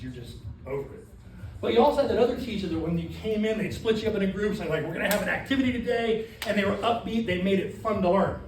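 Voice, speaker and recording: A man running a classroom training session as a sales trainer, talking in an animated way and tossing questions to the group. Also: sits high, a little hiss or hum. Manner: animated, asks the room questions. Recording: echoey room from far off.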